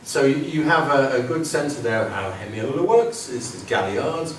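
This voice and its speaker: A man giving an academic lecture with musical examples, talking in a lively, digressive way, humming and counting beats. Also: medium pitch, moderate pace, a little hiss or hum. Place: university lecture room. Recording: very echoey hall from far off, with music.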